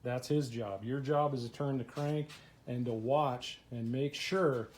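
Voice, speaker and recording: A man's voice: medium pitch, measured pace, very noisy. A man walking viewers through an engine repair step by step in a plain, practical way. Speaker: mechanic. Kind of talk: how-to repair walkthrough.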